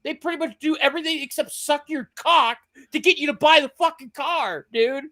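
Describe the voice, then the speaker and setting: A man's voice: extremely high pitch, normal speed, sharp tone. A man on a casual panel chat, blunt and crude, often stumbling over his words.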